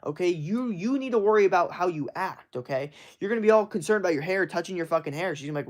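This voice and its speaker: A man's voice: sits high, animated, fast talker, hardly any pauses. A young man giving blunt, profane advice in a casual live-stream rant, full of fillers and emphatic swearing. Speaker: streamer answering chat.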